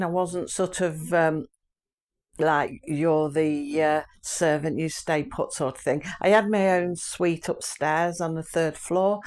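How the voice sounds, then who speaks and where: An older woman with a slightly low voice chats casually to her viewers. She rambles from memory to memory and laughs often. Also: a little mellow. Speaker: vlogger, channel host. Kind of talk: casual chat.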